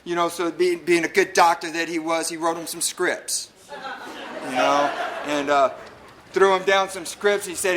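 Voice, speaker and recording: A man's voice: fairly high pitch, fairly even intonation, normal speed, fairly bright tone, slight background noise. A man from El Paso, Texas, sharing his recovery story at a convention in an earnest way, with many repeated words and fillers.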